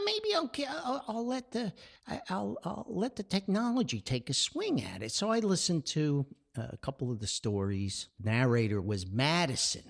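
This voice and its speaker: A middle-aged man from the United States hosting a podcast, telling family stories in a chatty, rambling way, full of stammered restarts. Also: lowish voice. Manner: chatty and repetitive, frequent stammered restarts, breaks into laughs. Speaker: podcast host. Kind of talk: rambling personal storytelling.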